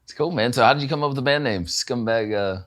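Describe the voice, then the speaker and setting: A man hosting a casual musician interview, relaxed and friendly, peppering his questions with "man.". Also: medium pitch, quick pace. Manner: laid-back, says "man" a lot, eager follow-up questions. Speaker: podcast host.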